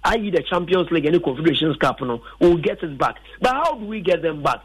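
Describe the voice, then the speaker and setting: A man's voice: on the high side, lively intonation, fast talker, husky, rough recording. A man with a Ghanaian accent talking football as a radio pundit, emphatic and sliding between English and a local language. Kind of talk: radio sports talk.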